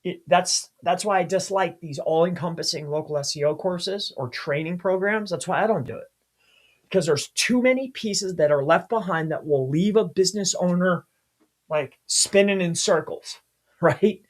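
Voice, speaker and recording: A man's voice: high-pitched, moderate pace. A man giving a screen-share tutorial as an SEO consultant, speaking emphatically and addressing viewers directly.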